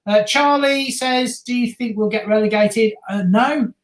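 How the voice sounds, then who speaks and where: A man's voice: very high-pitched, measured pace. A man with a Birmingham accent co-hosting a casual football watch-along stream, chatting and reading viewer messages aloud. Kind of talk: casual live-stream chat. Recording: roomy echo.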